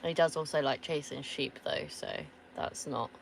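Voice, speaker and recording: A woman's voice: low voice, steady tone, normal speed, creaky, slight background noise. A woman chatting casually to her viewers in a camper van. She laughs often and swears offhandedly. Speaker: van-life vlogger. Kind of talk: casual chat answering viewers.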